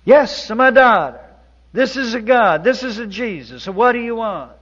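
A man voicing a comic Italian male painter playing a prank, in a mock Italian accent and a grand, booming manner. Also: expressive, normal speed, a bit bright, heavily acted. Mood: mock-pious. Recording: dull audio with long hall reverb.

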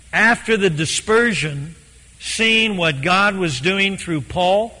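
Male preacher, bright, forceful, slightly high voice, delivering an emphatic sermon in a hall with long reverb. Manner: earnest, emphatic, with slow deliberate stresses.

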